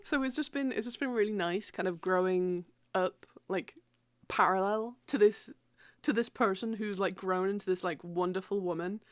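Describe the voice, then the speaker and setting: Streaming from her computer at home, a woman in her thirties keeps up an animated, casual chat, quick to laugh and cursing without restraint. She speaks at a medium pitch in a dry recording.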